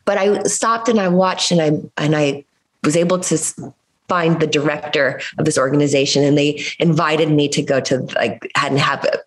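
A woman from the United States telling a personal story in an interview, in an animated, expressive way. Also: sits low, moderate pace. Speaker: guest. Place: Los Angeles area.

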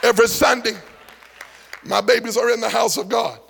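A man's voice: very high voice, fairly even intonation, normal speed, gravelly, fairly bright tone, some chatter behind, a little hiss or hum. A middle-aged man preaching a sermon in a church, swinging into sing-song rises and joking with the congregation. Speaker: pastor. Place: church sanctuary.

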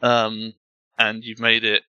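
Bright-voiced man running a tabletop game. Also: on the low side, completely flat delivery, slow, clean tone, dry recording, dull audio. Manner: rambling with many restarts and fillers. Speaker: game master.

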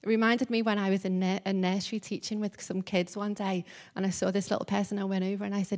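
A woman's voice: medium pitch, fast, few pauses. A woman preaching a conversational sermon, often laughing lightly and acting out the lines she quotes.

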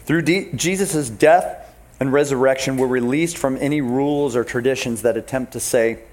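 Animated pastor, a man preaching. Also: medium pitch, moderate pace. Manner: animated, emphatic, talks straight to the congregation. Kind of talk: sermon.

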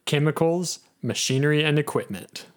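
A woman co-hosting a podcast in casual chat with a dry, deadpan delivery. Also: sits low, normal speed. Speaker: podcast co-host.

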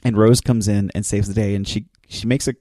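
Host, male, lowish mellow voice, dry close sound, excitable storyteller who rambles and restarts. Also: a little fast, dry recording. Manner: enthusiastic storyteller, acts out quoted lines. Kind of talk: casual recap of a TV episode.

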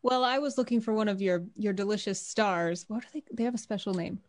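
A woman's voice: medium pitch, brisk. A woman player speaking in character as a gracious noble in a tabletop game. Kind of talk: in-character tabletop role-play.

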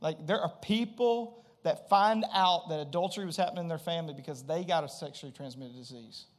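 A middle-aged man with a drawl delivers a sermon from the pulpit. His voice sits high for a man, and he tells stories with animation, slipping into the voices of the people he quotes and calling out to the congregation. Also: a little fast. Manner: animated storytelling, acts out quotes, addresses congregation directly. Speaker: pastor.

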